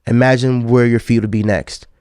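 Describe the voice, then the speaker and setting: This medium-pitched male voice is clear, resonant and darkish, with a flat delivery at normal speed. He's a podcast host and DJ in his thirties spinning a long personal story, relaxed and profane, frequently calling the listener "dog." The studio sound is clean and echo-free.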